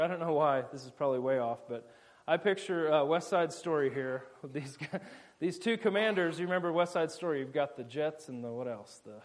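A man preaching in a casual, jokey way, retelling a scripture story with quick voiced asides. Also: sits high.

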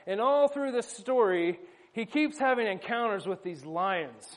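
A man preaching a conversational sermon with wry asides, slowing down for emphasis. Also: high-pitched, lively intonation.

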